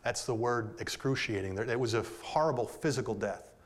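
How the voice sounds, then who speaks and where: Male pastor mid-sermon, direct with his flock, quiet reflection building to ringing emphasis. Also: mid-range voice, fairly quick. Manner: rises to loud emphatic peaks, drops to soft intimate tones; addresses listeners directly as "folks".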